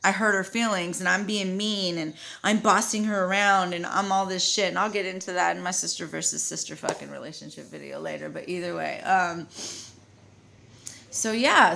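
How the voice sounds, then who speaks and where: A woman's voice: on the low side, steady tone, normal speed, vocal fry, sharp tone. A young woman venting in a casual vlog monologue, blunt and swearing freely as she retells quoted exchanges. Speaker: vlogger.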